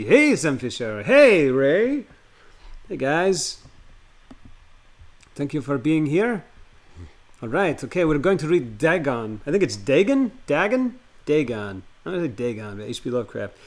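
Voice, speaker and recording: Male streamer, casual and rambling, filler-heavy chat, then story reading; average pitch. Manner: chatty and rambling, greets viewers by name, many fillers. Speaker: live streamer.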